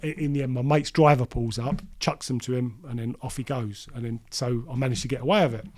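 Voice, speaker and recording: A man's voice: medium pitch, steady tone, fast talker, a little mellow. A middle-aged man, telling his life story as an interview guest, with restarts and acted-out quoted voices. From London.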